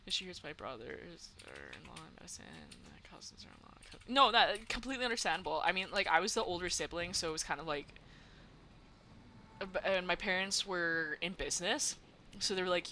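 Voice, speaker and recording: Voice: medium pitch, very animated, a little fast, vocal fry, sharp tone, slight background noise. A young adult streamer from Canada chatting casually while gaming, giggling often and filling talk with "like". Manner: chatty, giggly, many "like" fillers.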